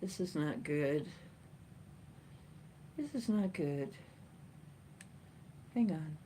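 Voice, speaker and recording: A woman hosting a casual livestream chat from home, rambling and chatty with frequent laughs and playful jumps in pitch. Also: slow, long pauses, dark tone, a little hiss or hum. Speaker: livestream host. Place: at home, sitting in a chair with a cat.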